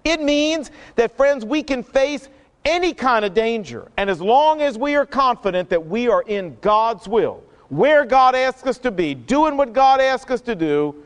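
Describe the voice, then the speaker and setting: Male pastor, earnest sermon, very high voice, long echo. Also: expressive, measured pace, clean tone. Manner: earnest, emphatic, repetitive. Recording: long hall reverb.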